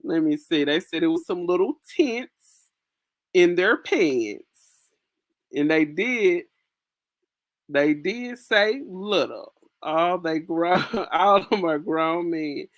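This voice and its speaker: A young woman hosts a relaxed livestream, talking straight to her viewers with slangy asides and frequent laughter. Her voice sits fairly low but swings widely in pitch, and she takes her time. The sound is dry and close, with no room echo. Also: slow, pauses often. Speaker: livestream host. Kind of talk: casual live chat reading viewer comments. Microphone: phone.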